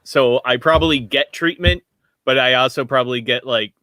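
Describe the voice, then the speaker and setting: A man's voice: medium pitch, moderate pace, pushed and bright, no echo. A man playing a tabletop game, chatting in a laid-back, joking way. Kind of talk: casual chat.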